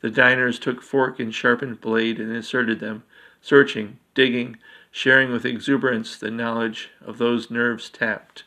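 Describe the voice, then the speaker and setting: A man reads a dark fantasy story aloud in an even, level tone with a gravelly edge. His delivery stays steady and unhurried. Now and then he trips over a word and corrects himself. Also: medium pitch. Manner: steady, with slips and self-corrections. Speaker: narrator.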